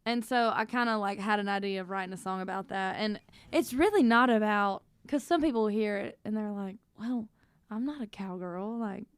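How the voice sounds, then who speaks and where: A woman's voice: medium pitch, smooth, no echo. A young woman from Louisiana, a guest songwriter chatting casually and laughing easily at a live music venue. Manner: chatty, laughs easily, drawn-out singing between talk. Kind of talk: casual chat. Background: guitar music.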